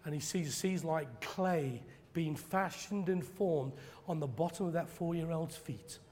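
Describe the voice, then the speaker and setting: Dramatic man preaching in a reverberant hall. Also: a little slow. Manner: dramatic storytelling, acting out quoted preachers with loud high bursts. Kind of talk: sermon.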